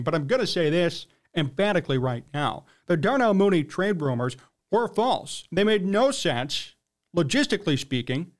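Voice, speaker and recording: Young male sports host, blunt and riled up, higher voice. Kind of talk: opinionated sports commentary.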